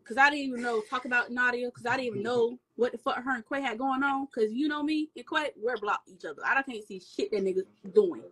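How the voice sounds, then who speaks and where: A woman's voice: a little high, fast talker, few pauses, sharp tone, breathy edge. A woman in a heated casual chat on a live stream, talking over others and swearing freely.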